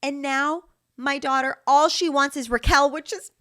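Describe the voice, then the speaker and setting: A woman's voice: sits high, fairly even intonation, moderate pace, a bit bright. A woman in her thirties co-hosting a casual podcast, chatty and filling her talk with "like". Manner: chatty, heavy use of "like". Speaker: podcast co-host. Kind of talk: casual chat.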